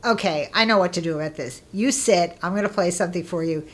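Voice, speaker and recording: A middle-aged woman being interviewed, telling stories in a casual, lively way and acting out what people said with bursts of laughter. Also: fairly low pitch, fast. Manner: lively, acts out quoted voices with laughter. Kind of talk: casual storytelling.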